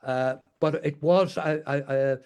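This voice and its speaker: An older Northern Irish man recalls his teaching days as an interview guest. His voice sits a little high for a man, and he wanders through stories with frequent restarts and "you know"s. He speaks in a casual, conversational way. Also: steady tone, unhurried, darkish tone, clear, resonant tone. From Northern Ireland. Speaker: guest, retired teacher and memoir author.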